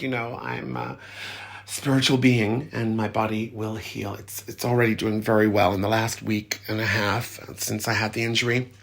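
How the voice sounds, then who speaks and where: A man's voice: mid-range voice, a bit bright. A man hosting a theatre show, camp and effusive, calling listeners honey and darling, laughing often, in pain from an injured arm. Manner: laughs often mid-sentence. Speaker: host.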